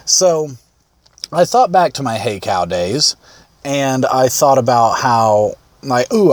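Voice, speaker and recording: Rambling man telling a funny story. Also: medium pitch. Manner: rambling and self-amused, with many restarts and chuckles. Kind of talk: casual storytelling.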